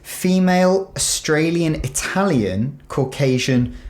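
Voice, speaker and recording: A man's voice: on the high side, lively intonation, slow pace, a little mellow. A young British man hosting a casual reaction video, chatting playfully and imitating words he hears. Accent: British English. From Britain. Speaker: host reacting to accents.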